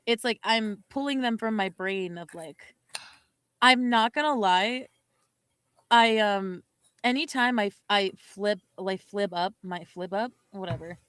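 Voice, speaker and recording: A young woman co-hosting a podcast chats casually, rambling, giggling and often correcting herself. Her medium-pitched voice is clear, resonant and fairly bright, a little slow, captured with clean studio sound and no room echo.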